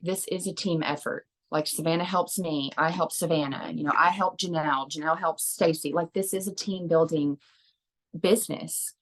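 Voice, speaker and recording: Low-voiced woman, earnest and rambling, sharing encouragement with her team. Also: rough recording. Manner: earnest, rambling with fillers and restarts. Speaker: team member sharing at an online meeting. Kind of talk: casual motivational talk.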